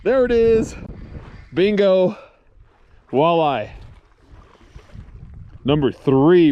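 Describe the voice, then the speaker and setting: A man vlogging his solo fishing trip outdoors, talking excitedly to the camera and the fish he catches, swearing casually as he films himself. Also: medium pitch, unhurried, pauses often, no room sound, dull audio. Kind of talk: excited outdoor vlog commentary. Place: outdoors on a reservoir shore.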